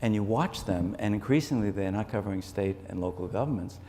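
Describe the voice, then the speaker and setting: Brief: deep-voiced male journalist, measured and thoughtful, stage interview in a big echoey hall with faint room noise. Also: warm tone. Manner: measured, repeats words while thinking. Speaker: journalist and author, interview guest. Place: conference stage.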